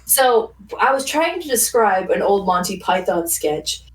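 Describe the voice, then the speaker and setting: A woman chatting as a podcast guest, telling stories in long rambling runs, laughing often and padding with fillers. Her voice sits at an ordinary pitch and comes across slightly distant from the microphone. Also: lively intonation, unhurried, slight background noise. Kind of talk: casual chat.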